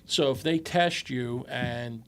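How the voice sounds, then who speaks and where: A man co-hosting a podcast in casual chat, who stumbles and repeats words as he starts and swears often. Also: medium pitch. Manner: halting, repeats words when he starts, profane. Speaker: podcast co-host.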